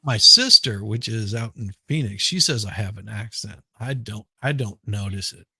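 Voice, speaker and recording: Casual male host, bright tone, dry close recording, relaxed chatter. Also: lowish voice, moderate pace, vocal fry, breathy edge, no echo. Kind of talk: casual podcast chat.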